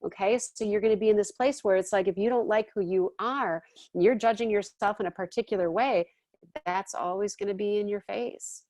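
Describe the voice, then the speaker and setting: A woman's voice: medium pitch, fairly quick, a little mellow, no echo. Chatty woman teaching a class, dry sound. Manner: chatty, often checks in with "okay?" and "all right?".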